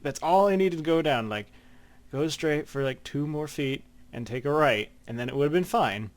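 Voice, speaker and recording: A man's voice: on the high side, lively intonation, moderate pace. Rambling male podcast host. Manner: rambling anecdotes with many fillers. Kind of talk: casual chat.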